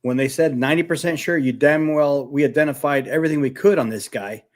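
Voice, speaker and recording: Relaxed man chatting on a live stream. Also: on the high side, quick pace. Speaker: guest, former police officer. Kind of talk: casual live-stream chat.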